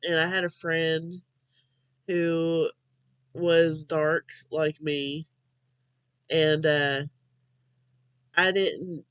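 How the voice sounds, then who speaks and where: A young woman speaking slowly and hesitantly, sounding drowsy, hosting a casual home video chat. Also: sits low, flat delivery, smooth, dry recording, dull audio. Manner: slow, hesitant, halting with many fillers. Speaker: vlog host.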